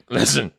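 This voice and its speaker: A young man talking through his chess moves on a live stream in a loose, casual way. He jokes, brags in mock grandeur and pokes fun at himself. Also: bright, forceful tone. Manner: joking, mock-boastful, self-mocking.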